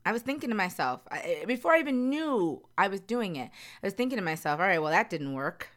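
A woman's voice: mid-range voice, big pitch swings, fairly quick. A middle-aged woman speaking candidly and earnestly to her viewers, repeating phrases for emphasis. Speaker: vlogger. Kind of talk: candid personal talk to viewers.

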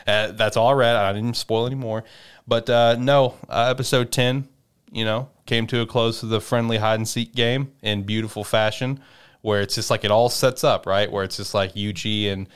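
A man's voice: lowish voice, normal speed, clear, resonant tone. A man co-hosting a podcast, recapping an anime episode in a loose, rambling way and swearing freely. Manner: slips into animated voices when retelling scenes. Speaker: podcast co-host.

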